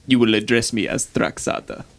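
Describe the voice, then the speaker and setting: A man voicing an ancient red dragon in a tabletop game, speaking in slow, grand, ominous pronouncements. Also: mid-range voice, natural voice. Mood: imperious. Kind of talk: tabletop role-play.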